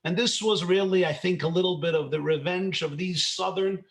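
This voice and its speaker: A man from New York tells a story from the lectern as a rabbi, his voice sitting notably high. He keeps it animated, firing rhetorical questions at his listeners and chuckling at his own jokes. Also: normal speed, echoey room. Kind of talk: storytelling lecture.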